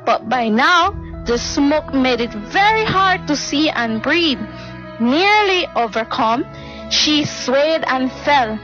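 Expressive woman reading a story aloud. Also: sits high, slow, lo-fi sound, soft background music. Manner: expressive, earnest.

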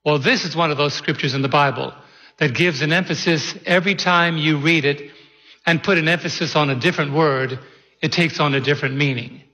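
A man preaching a sermon from the pulpit, praying and teaching in a deliberate way that stresses key words. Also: fairly high pitch, sharp tone, long reverb tail, lo-fi sound. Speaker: pastor. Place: church sanctuary.

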